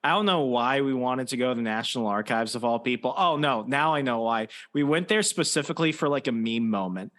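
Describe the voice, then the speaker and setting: A man hosting a podcast in loose, casual conversation. His voice sits at an ordinary middle pitch, and he rambles through his stories with plenty of fillers and false starts. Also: expressive, fairly quick, few pauses, fairly bright tone. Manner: rambling storyteller, many fillers and restarts. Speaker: podcast host. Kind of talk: casual chat.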